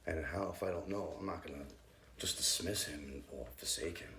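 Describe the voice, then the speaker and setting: Youth leader, man, low voice, hesitant and nervous, recorded in a roomy space. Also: sharp tone, a little hiss or hum. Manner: hesitant, halting, many ums. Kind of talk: personal faith testimony.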